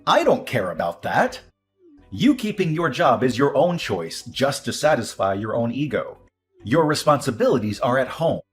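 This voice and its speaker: An actor playing an entitled young husband who defers to his mother, dismissive and prone to excited outbursts. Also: mid-range voice, moderate pace, faint music behind, lightly acted. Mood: scornful. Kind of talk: audio drama acting.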